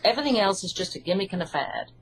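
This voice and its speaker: A woman's voice: medium pitch, animated, racing, slight background noise, rough recording. A woman with an English accent, a hypnotherapist answering interview questions in an earnest, reassuring way. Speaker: hypnotherapist and author.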